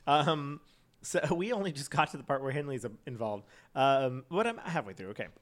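A man's voice: medium pitch, expressive, fairly quick. A man co-hosting a comedy podcast, casually telling a true crime story with lots of fillers and frequent laughter. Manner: rambling, many fillers, laughs often.

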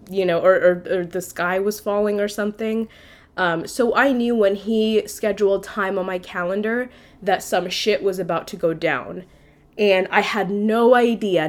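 Woman podcast host, mid pitch, candid storyteller who swears casually. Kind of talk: personal storytelling monologue.

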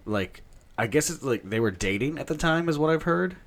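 A young man co-hosting a casual chat, animated and swearing freely, slipping into mock voices and rants. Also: a little high, brisk. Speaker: podcast co-host.

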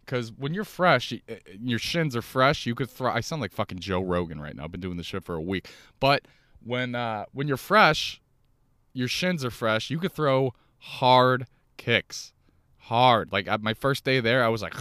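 A man's voice: fairly low pitch, clear, resonant tone, no room sound, studio quality. Profane young man rambling in his car. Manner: profane, rambling, animated storytelling. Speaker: podcast host and stand-up comic. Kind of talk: casual solo podcast monologue. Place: inside a car.

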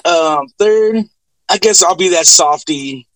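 A man chatting casually, relaxed and a bit hesitant, with casual swearing. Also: on the high side, takes it slowly, low-quality recording. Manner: laid-back, profane, hesitant. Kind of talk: casual chat.

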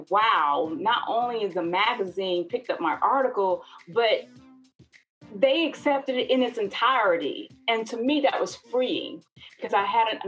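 A woman's voice: mid-range voice, fairly bright tone, poor audio. A woman minister giving an emphatic personal testimonial about her writing. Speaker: minister and magazine writer.

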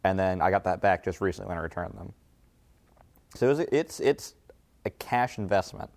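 Very deep-voiced man, relaxed chat. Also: normal speed, gravelly. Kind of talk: casual chat.

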